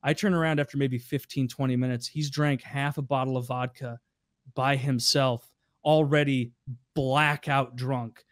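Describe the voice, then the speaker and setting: A man's voice: medium pitch, no echo, studio quality. A man on a podcast, telling casual, profane anecdotes with a wry edge. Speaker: podcast regular. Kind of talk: casual storytelling.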